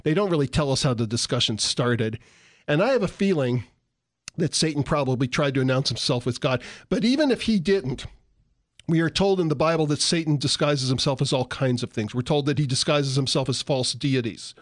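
In studio-quality audio with no room sound, this San Diego co-host of a Christian talk show chats casually about the Bible, cracking jokes, speaking folksily and sometimes doing voices. He sounds animated and a little quick, with a mid-range voice.

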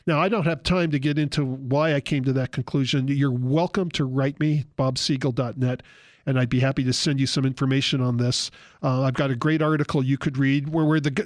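A man's voice: a little high, no room sound. Earnest male talk radio host. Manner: earnest, candid, with frequent fillers and restarts.

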